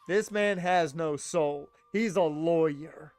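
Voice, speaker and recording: A man's voice: fairly high pitch, slow pace, a little mellow, smooth, no echo, faint music behind. A man streaming a video game, making joking, sarcastic casual commentary. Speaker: let's play streamer.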